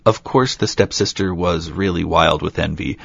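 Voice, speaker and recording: A man with a very deep, gravelly voice reads a fairy tale aloud, steady, with light asides. His tone is husky rather than clear. The recording is dry, close and dull, with little top end. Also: moderate pace, dry recording. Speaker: storyteller.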